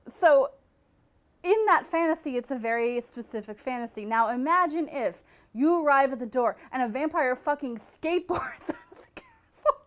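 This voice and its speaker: A woman hosting a podcast in casual comedic chat, animated, laughing and breaking into incredulous outbursts. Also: a little high. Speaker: podcast host.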